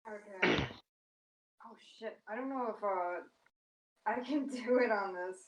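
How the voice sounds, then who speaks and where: A woman playing in a tabletop game, chatting casually with quick, apologetic interjections. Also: medium pitch, rough recording. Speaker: player.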